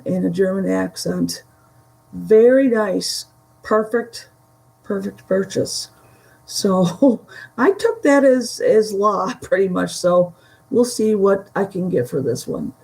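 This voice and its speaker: Woman, gravelly, mellow dark tone, slow halting casual chat, dry throat. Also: mid-range voice, rough recording. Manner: chatty, giggly, trails off mid-sentence. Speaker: vintage reseller showing a haul. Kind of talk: casual chat to a live audience.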